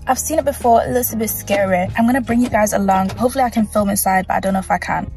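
A woman's voice: medium pitch, a little mellow. A young woman chatting to her phone camera in a casual vlog, bubbly and giggly. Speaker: singer vlogging her first gig.

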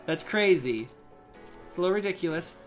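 A young man giving excitable live commentary on a survival game he is playing, with frequent outbursts and laughs. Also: high-pitched, a little fast. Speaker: gaming channel host. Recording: faint game music behind.

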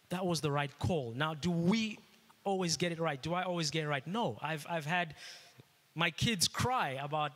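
A man's voice: fairly high pitch, normal speed, fairly bright tone. A middle-aged man preaching a sermon as pastor, earnest and repeating phrases for emphasis. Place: church hall. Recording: echoey hall.

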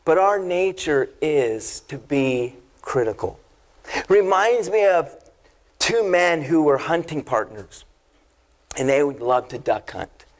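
A pastor preaches in a church with a notably high male voice, talking in a relaxed, conversational way. He mixes jokes into his message and keeps checking in with the congregation. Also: takes it slowly. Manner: conversational, humorous, engaging the congregation. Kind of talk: sermon with storytelling.

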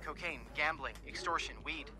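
A man's voice: on the high side, normal speed, noisy background, close to an everyday voice. An actor playing a male hacker briefing on a gang's rackets in a video game. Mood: matter-of-fact. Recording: game dialogue over loud gunfire.

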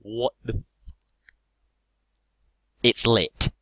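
A man's voice: medium pitch, level tone, very slow, sharp tone, slightly rough, no echo. A young man with an English accent, opening card packs on camera in hyperactive, sweary casual commentary. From England. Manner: hyperactive, swearing, laughing often.

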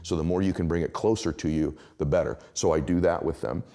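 A middle-aged man speaking as an interview guest, telling motivational stories with emphatic, animated delivery. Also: low-pitched, fast talker.

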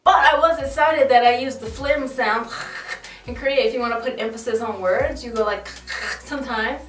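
A woman's voice: on the high side, normal speed. A young woman vlogging in a casual, chatty way, full of joking asides and laughs. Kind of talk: casual vlog chat. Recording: echoey room, mic at a distance, faint music.

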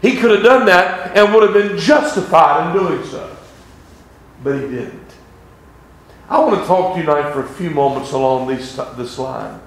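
A man's voice: a little high, lively intonation, normal speed. A man preaching a revival sermon as a visiting evangelist, fervent and conversational, reading scripture in old-style wording. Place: church sanctuary. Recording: echoey church sanctuary.

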